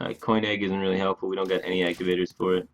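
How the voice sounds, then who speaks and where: Streamer, male, deep voice, laid-back gameplay commentary, thinks out loud. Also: little pitch movement, a little hiss or hum. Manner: thinks aloud, plans moves in quick bursts; laid-back, talks to his chat casually. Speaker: game streamer.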